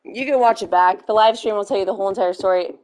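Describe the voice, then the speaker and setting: A woman's voice: mid-range voice, quick pace, a little mellow. A young woman chatting casually while playing a game, telling stories with lots of fillers and giggles. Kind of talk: casual chat while gaming.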